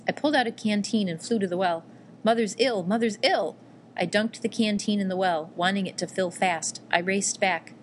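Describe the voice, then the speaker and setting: A woman narrating a first-person memoir in a measured, quietly emotional reading. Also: mid-range voice, steady tone, a little hiss or hum. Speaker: audiobook reader.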